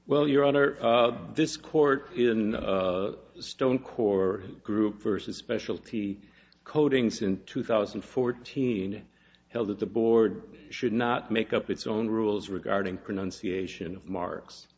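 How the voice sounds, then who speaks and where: A man presenting an oral argument in a courtroom as an appellate attorney, formal and measured with some hesitant fillers. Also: lowish voice, a little mellow. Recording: dull lo-fi courtroom audio.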